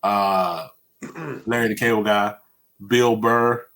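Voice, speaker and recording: A young man hosting a casual podcast, telling animated stories, laughing often and acting out what people said. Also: lowish voice, takes it slowly, slight background noise. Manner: animated storytelling, laughs often, acts out quotes. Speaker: podcast host. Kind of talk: casual chat.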